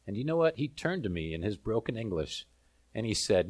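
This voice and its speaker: A man from South Africa preaching a sermon, telling a lively story with humor. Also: fairly low pitch, fairly quick.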